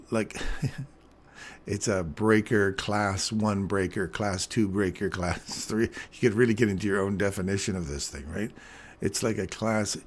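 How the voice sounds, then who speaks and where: A man hosting a live trading stream, explaining chart setups in a casual, joking way with a groggy morning voice and frequent "right?" check-ins. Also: on the low side.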